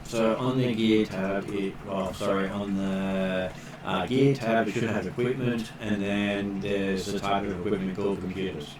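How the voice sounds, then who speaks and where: Low-voiced man running a tabletop game. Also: steady tone, a little slow, background noise. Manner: explaining rules patiently with fillers. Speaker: game master.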